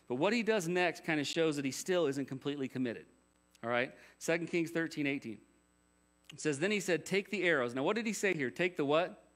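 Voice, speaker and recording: A man's voice: on the high side, animated, brisk. A man preaching a sermon as pastor, conversational, with rhetorical questions and jokey asides.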